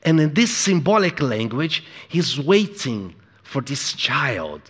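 A man preaching a sermon in an emphatic, repetitive way, moving between hushed and loud delivery. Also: on the high side, big pitch swings, slow, husky. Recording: echoey hall with long reverb.

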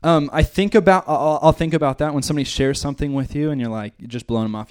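A man's voice: fairly high pitch, fast talker, hardly any pauses, darkish tone, clean tone. A man from the United States teaching a Bible study in a conversational way, with joking asides. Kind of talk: church teaching.

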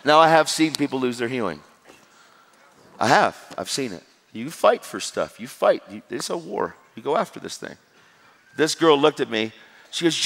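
A man's voice: mid-range voice, very animated, moderate pace, a bit bright. A man preaching a sermon, telling stories animatedly and acting out the dialogue. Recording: hall reverb with crowd.

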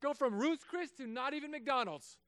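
A man, a pastor, preaching a sermon in a casual joking way, moving between quiet asides and loud emphatic stretches. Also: extremely high pitch, expressive, moderate pace, no room sound. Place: church.

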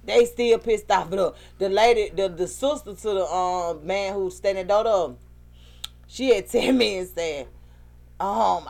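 Gravelly woman telling lively stories. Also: medium pitch, unhurried. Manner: animated storytelling, laughing often, acting out quotes. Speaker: podcast co-host. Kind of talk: casual chat.

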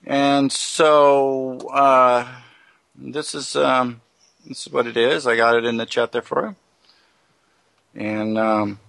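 A man co-hosting a casual talk radio show, reading out news items haltingly with many fillers and restarts. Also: medium pitch, fairly even intonation, creaky, a bit bright, dry recording.

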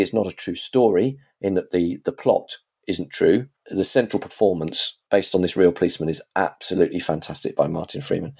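A man's voice: low voice, warm tone. A man in casual chat, reviewing TV series in a rambling, chatty way with frequent restarts.

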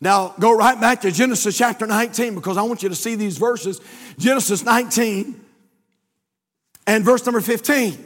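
High-voiced preacher in a reverberant church. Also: male voice, a bit bright. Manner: storytelling, folksy, with rising emphatic repetitions. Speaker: pastor. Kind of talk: sermon. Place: church sanctuary. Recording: long church hall reverb.

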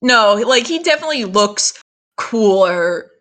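A woman chats through an episode recap in a bright, clear voice. She talks in loose, rambling runs full of fillers and laughs easily. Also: medium pitch, lively intonation, a little slow. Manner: chatty, laughs often, lots of fillers. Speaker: podcast co-host. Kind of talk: casual anime recap chat.

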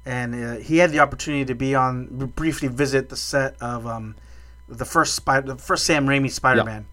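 Bright-voiced man telling rambling stories. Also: mid-range voice, fairly even intonation, fairly quick. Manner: rambling storyteller, lots of restarts and fillers. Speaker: podcast co-host. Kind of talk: casual chat.

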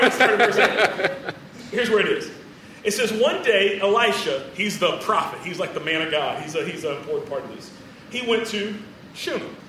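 Casual preacher in a very echoey hall. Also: male voice, sits high, pushed and bright, distant mic, slight background noise. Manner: casual and joking, chuckles between phrases. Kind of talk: sermon.

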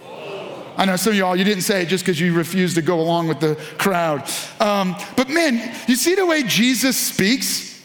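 A man's voice: high voice, expressive, moderate pace, fairly bright tone, echoey room. A man preaching a sermon to a congregation, reading scripture aloud and speaking to the listeners directly. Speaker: pastor.

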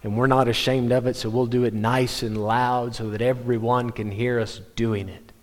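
Male pastor, middle pitch, lively sermon delivery, big church reverb. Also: moderate pace. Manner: animated storytelling, self-interrupting restarts. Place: church sanctuary. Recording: long hall reverb.

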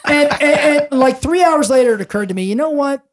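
A man, a realtor, talking as a podcast guest, rambling and animated, with many restarts. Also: very high-pitched, brisk. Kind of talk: casual podcast storytelling.

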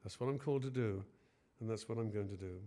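A man's voice: on the low side, fast talker, warm tone. A man preaching a sermon in an earnest way, often hesitating and rising in force on key phrases.

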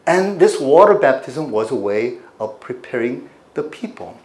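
A man's voice: mid-range voice, very animated, unhurried, a little mellow, reverberant. A man pastor preaching a teaching sermon, putting questions to his congregation as he explains scripture.

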